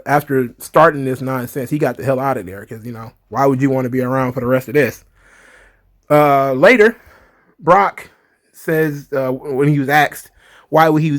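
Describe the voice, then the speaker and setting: A man hosting a casual wrestling recap, chatty and laughing often, with many fillers. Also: medium pitch. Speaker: wrestling commentary host.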